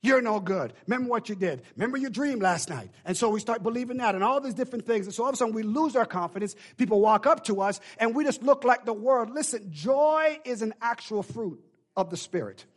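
A man preaching a sermon, calling on the congregation to answer him and building from quiet talk to loud shouting. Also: sits high, expressive, fairly quick.

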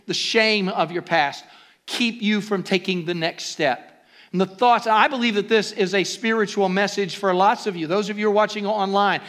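A man preaching a sermon as pastor, swinging from quiet, conversational asides to loud, rising exhortations. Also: sits high.

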